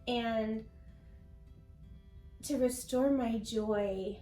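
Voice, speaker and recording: A woman guest sharing a personal faith testimony in an interview, telling her story slowly and from the heart. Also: fairly high pitch, steady tone, dark tone, roomy sound, soft background music, poor audio. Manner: slow, heartfelt storytelling with many pauses.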